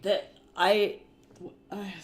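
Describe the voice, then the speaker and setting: A man's voice: high-pitched, little pitch movement, drawn-out words. An American man streaming, chatting casually with viewers and swearing freely as he reacts to the chat. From United States.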